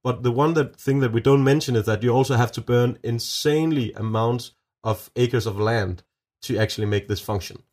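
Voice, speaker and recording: A man's voice: mid-range voice, normal speed, a little mellow. A man with a Danish accent, answering interview questions as a nuclear energy advocate, earnest and emphatic with many restarts. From Denmark.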